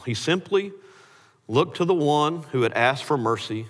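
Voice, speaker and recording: A man preaching a sermon, animated, his voice rising sharply when he voices quoted words. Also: mid-range voice, a little slow. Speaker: pastor. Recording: hall reverb.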